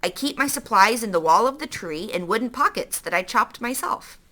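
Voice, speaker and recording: A woman's voice: a little high, lively intonation, moderate pace, bright, forceful tone. A woman reading a children's novel aloud, stopping now and then to explain words to young listeners.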